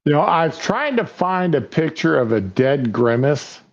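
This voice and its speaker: A man co-hosting a casual live stream chat, talking slowly and haltingly with restarts. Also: a little high, very animated. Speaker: co-host. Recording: dull lo-fi audio.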